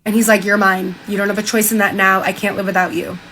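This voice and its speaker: A woman's voice: quick pace, low-quality recording. Young woman streamer, chatty, reads quotes aloud, light hiss behind. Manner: retells quotes in a flat, lowered voice, casual filler "like". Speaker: streamer reading a diary aloud. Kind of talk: casual reaction chat, retelling a story.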